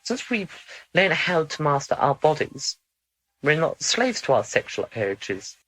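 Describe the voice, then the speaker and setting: A man channels with a bright, forward tone pitched slightly high. He talks in a measured, instructive way and slips into formal phrasing now and then. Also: big pitch swings, rough recording. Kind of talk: channeling session.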